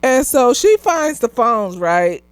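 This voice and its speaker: A woman's voice: a little high, very animated, slow pace, smooth, no echo. A young woman, slightly tipsy, recapping a movie in casual chat, swearing freely, laughing and acting out the characters. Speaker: movie reviewer.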